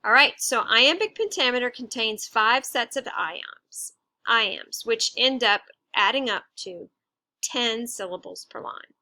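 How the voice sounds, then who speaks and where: A woman teacher talks through the lesson at an unhurried, deliberate pace, breaking each point into small steps and dropping in casual fillers. Her voice is bright and a little high. The recording is dry and close, with no room sound. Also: animated, dry recording. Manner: patient, step-by-step explaining with casual fillers. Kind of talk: instructional explanation.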